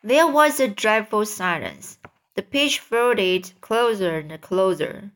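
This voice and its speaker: A woman's voice: medium pitch, animated, fairly bright tone. A woman reading a children's book aloud, often stumbling and restarting words. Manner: halting, stumbling over words. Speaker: reader.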